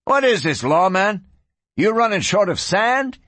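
A man's voice: sits high, sing-song, unhurried, a bit bright, dry recording, pitched above the performer's own voice, heavily acted. A man voicing an insolent young gunfighter who taunts in a mocking old-west drawl. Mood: taunting.

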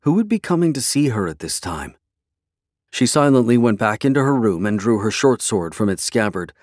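Lower-voiced man reading a fantasy audiobook. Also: very animated, normal speed, darkish tone, dry recording, clean studio sound. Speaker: narrator. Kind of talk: scripted fantasy audiobook narration.

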